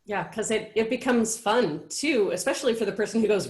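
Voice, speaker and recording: A woman hosting a casual live show, chatting encouragingly with frequent pauses and "um"s. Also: on the high side, lively intonation, roomy sound. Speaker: host.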